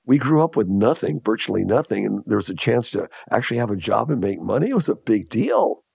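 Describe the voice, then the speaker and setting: An older man from Los Angeles with a low, gravelly voice speaks as an interview guest. He tells his stories unhurriedly, leaning on repeated phrases and chuckling now and then, recorded close and dry. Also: very animated, a little fast, a little mellow, no room sound. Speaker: guest, entrepreneur. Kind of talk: interview storytelling.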